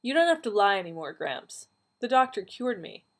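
A woman voicing a feisty, quick-tempered young woman in a storybook reading. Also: medium pitch, very animated, voice pushed up. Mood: spirited. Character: feisty red-haired young British woman.

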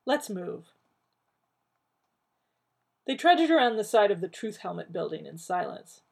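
A woman reading a story aloud in an expressive way, with a creaky, husky voice. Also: mid-range voice, fairly quick. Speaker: reader.

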